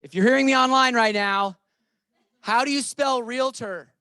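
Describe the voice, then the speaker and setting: A man's voice: very high-pitched, normal speed, bright, forceful tone, no room sound. A man leading a real estate training session, playful and emphatic, talking to the room and to viewers online.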